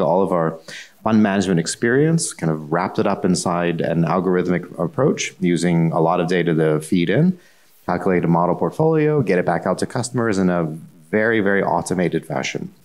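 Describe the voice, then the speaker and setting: A man answering on a conference panel, measured and explanatory. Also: deep voice, animated, a little mellow. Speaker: panelist, bank digital officer.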